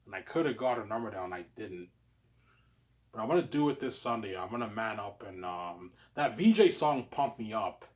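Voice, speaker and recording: A man's voice: expressive, moderate pace. Rambling man in his thirties, stammering. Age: 30s. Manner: repetitive, stammering restarts, frequent "obviously"; swings between low muttering and loud outbursts. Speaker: vlogger. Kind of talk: rambling personal monologue.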